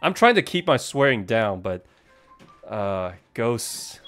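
Male streamer, average pitch, easily startled, talks to chat, faint music bed. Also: very animated, slow. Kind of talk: live game stream commentary.

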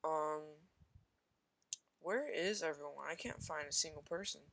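Gamer rambling over their own match, middle pitch, lots of ums, keeps making fun of their own bad shots. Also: unhurried, a bit bright. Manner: rambling, thinks aloud, self-mocking; frequent fillers and repeated exclamations. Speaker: gamer narrating own gameplay. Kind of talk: casual gameplay commentary.

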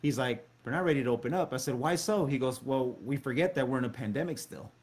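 A man's voice: medium pitch, quick pace, a little mellow. Man casually retelling a conversation. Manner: retells a conversation, quoting back and forth with many restarts. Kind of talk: casual chat.

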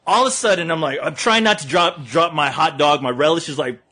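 A man's voice: on the high side, brisk, husky. A young man, a podcast co-host and movie reviewer, telling a comic story with lots of laughing and acted-out voices. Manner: animated, laughing, acting out voices. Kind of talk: comic storytelling, casual chat.

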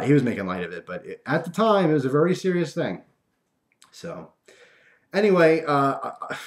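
Speaking to his viewers, a young man shares a personal story casually and animatedly, his talk packed with fillers and restarts. He speaks at a medium pitch.

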